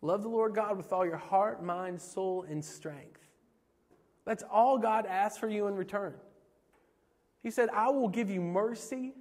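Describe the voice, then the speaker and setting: A man's voice: sits high, unhurried, pauses often, a little mellow. A man from Pennsylvania preaching a sermon as pastor, earnest and repetitive, with chatty asides. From Pennsylvania, USA. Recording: long hall reverb.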